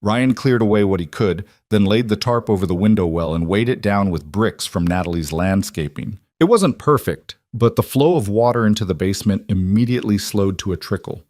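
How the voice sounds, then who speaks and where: A man reading a dramatic story in an even, measured narration style. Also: fairly low pitch, no echo, clean studio sound. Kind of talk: scripted narration.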